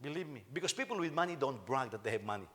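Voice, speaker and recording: A man's voice: mid-range voice, racing. A middle-aged man, preaching a sermon as senior pastor, joking with the congregation and often repeating and restarting his phrases. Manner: animated, joking with the congregation, frequent repetitions and restarts.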